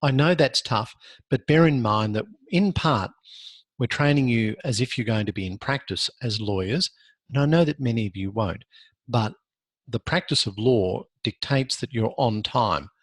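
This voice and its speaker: A male law lecturer with an Australian accent giving earnest, measured advice in a recorded university lecture, pausing now and then on fillers. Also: mid-range voice, no echo.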